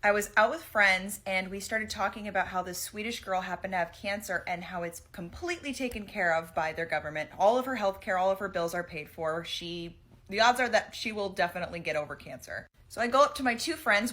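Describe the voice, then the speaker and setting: A woman recounts a personal story in an animated storytelling way. Her voice is bright and forward. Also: mid-range voice, brisk. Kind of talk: storytime clip.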